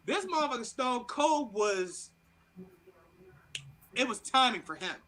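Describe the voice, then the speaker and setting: A man with a strikingly high voice holds the floor as a podcast co-host. He tells a story in casual chat, quick to swear and animated as he builds to the good part. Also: a crowd in the background, rough recording.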